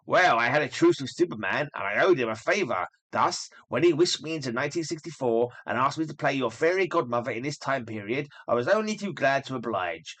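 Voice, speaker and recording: A man's voice: mid-range voice, expressive, brisk, hardly any pauses, fairly bright tone. A man voicing a mischievous male imp acting as fairy godmother while reading a comic aloud, with grand, old-fashioned, theatrical speech. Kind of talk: comic book read aloud.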